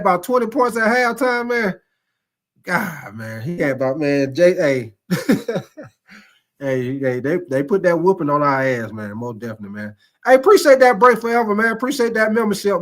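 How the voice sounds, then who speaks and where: A man hosting a casual sports live stream, chatting loosely, laughing and thanking viewers by name. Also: sits high. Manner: laid-back, laughs often, repeats "most definitely, man".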